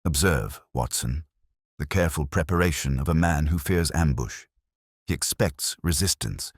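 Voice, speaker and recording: Man playing a Victorian detective, cold, precise, cutting, very low voice, dry close sound. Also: moderate pace, breathy edge, no room sound. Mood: hushed.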